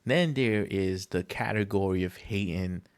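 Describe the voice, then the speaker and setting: Man ranting emphatically on a podcast. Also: a little slow. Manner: emphatic, slang-heavy, profane rant that jumps in pitch when exasperated. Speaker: podcast host. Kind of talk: casual solo monologue.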